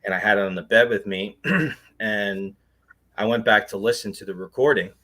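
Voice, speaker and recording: A man's voice: fairly low pitch, moderate pace, bright, forceful tone. A man, a guest on an interview show, earnestly recounting a personal experience in a rambling way, full of fillers and restarts. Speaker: guest, paranormal investigator.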